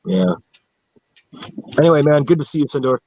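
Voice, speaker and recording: A husky-voiced man from central upstate New York chats on a live stream, rambling through stories full of swearing and laughing at himself. His voice sits in a middle pitch. The sound is dry and a little dull, like a lo-fi stream mic. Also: animated, normal speed, a little mellow, no room sound. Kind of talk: casual chat.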